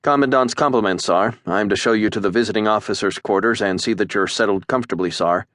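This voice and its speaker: Man putting on a young male cadet, higher voice, clipped and formal, nervous, dry close audiobook sound. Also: quick pace, fairly bright tone, dry recording, lightly acted. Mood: stiff, formal.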